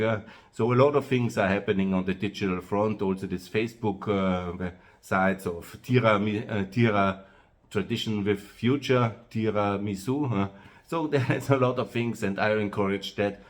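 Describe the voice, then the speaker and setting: A man with an Austrian accent, speaking in a loose, rambling monologue for his own video channel, pausing often on "uh" and repeating himself. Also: on the low side. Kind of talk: monologue to camera.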